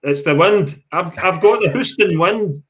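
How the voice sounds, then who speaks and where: Male co-host, higher voice, rambling banter, self-mocking. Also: a little slow, a bit bright. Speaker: chat show co-host. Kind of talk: casual live chat show banter.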